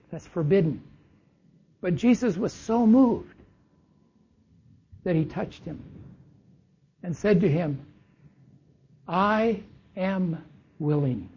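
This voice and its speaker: A preacher delivers a sermon at an unhurried pace, stretching out key words for weight. The voice is mellow and dark with a heavy breathy rasp. It comes through a dull, lo-fi recording. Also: mid-range voice. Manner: slow, deliberate Bible teaching, lingering on key words.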